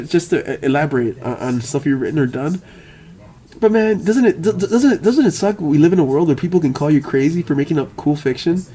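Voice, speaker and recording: A man's voice: a little high, dark tone. A man telling a rambling, profane story, stammering and repeating words as he goes and often laughing. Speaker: vlogger. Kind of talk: rambling monologue.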